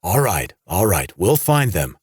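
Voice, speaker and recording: A man doing a wounded, steady police chief. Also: deep voice, unhurried, breathy edge, dry recording, studio quality, full character voice. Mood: strained reassuring. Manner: steady, reassuring through pain.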